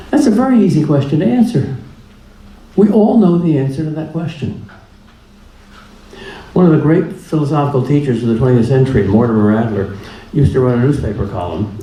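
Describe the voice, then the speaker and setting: A man's voice: mid-range voice, dark tone. Guy giving a talk, dry humor, says things over for emphasis, echoey room, faint hum behind. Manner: plainspoken, humorous, emphatic repetition. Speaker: lecturer. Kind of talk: public lecture.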